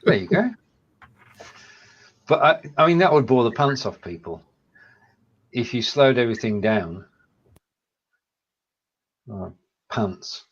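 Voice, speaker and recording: British male co-host for a live-stream chat, brisk and jokey, medium pitch, slightly muffled audio. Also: animated. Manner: quick, jokey, laughs often. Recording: dull lo-fi audio.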